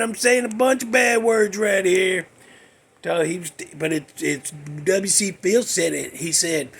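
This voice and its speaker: A man's voice: high voice, gravelly, fairly bright tone, slightly rough. A man, hosting a casual, rambling monologue full of folksy jokes and asides. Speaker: podcast host. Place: cold room with a space heater.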